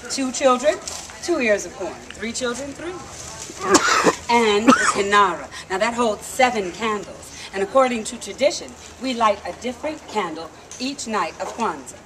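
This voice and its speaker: A woman telling a story live to an audience, lively and coaxing the crowd to call back. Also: fairly high pitch, normal speed. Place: outdoor theme park stage. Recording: noisy live outdoor recording.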